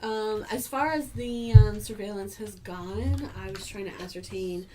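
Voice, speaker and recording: A woman's voice: medium pitch, measured pace, noisy background. A woman player in a tabletop game who asks questions, with frequent hesitant fillers. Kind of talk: casual tabletop game play.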